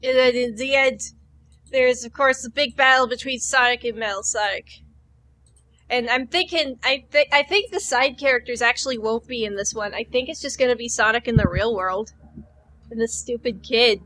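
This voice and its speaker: Woman co-host, high voice, rambling casual podcast chat. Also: moderate pace, pushed and bright. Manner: rambling, filler-heavy, acts out characters.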